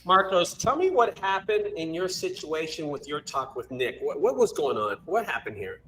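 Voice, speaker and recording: A man's voice: a little high, sing-song, moderate pace, a bit bright. A man hosting a casual chat, joking and telling a story with animation. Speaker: host. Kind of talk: casual video call chat.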